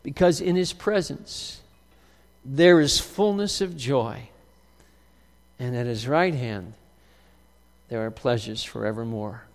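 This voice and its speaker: A man preaching a sermon as pastor, emphatic, swinging from loud outbursts to quiet, drawn-out lines. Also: medium pitch, long reverb tail.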